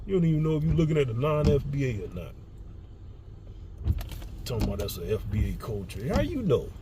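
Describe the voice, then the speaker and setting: A man's voice: medium pitch, very animated, fairly quick. A man giving a heated, blunt commentary rant, profane and repeating himself, recorded outdoors near traffic. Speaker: social commentator.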